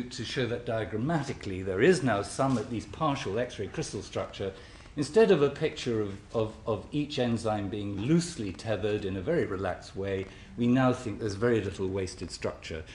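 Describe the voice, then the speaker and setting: A man's voice: mid-range voice, darkish tone, a little hiss or hum. Wry man lecturing in a roomy hall. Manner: wry, with frequent restarts. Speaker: scientific speaker. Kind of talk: academic symposium lecture. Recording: roomy hall with faint ambience.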